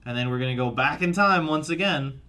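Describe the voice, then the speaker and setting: A man hosting a casual movie podcast, chatty and full of halting restarts. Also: a little high, pushed and bright. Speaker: podcast host.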